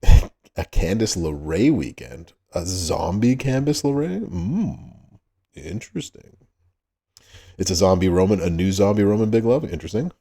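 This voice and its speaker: A man with a deep, gravelly voice chats loosely through a livestream, calling out viewers by name and chuckling between greetings. His tone is dark and mellow, and he talks at an unhurried pace. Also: sing-song. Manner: laid-back, greets chat by name, laughs often. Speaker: livestream host.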